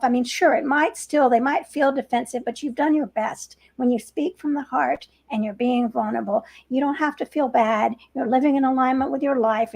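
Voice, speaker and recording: A woman hosting an interview, talking in an affirming, encouraging way with gentle laughs. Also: high voice, creaky, breathy edge. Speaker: podcast host. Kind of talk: conversational interview.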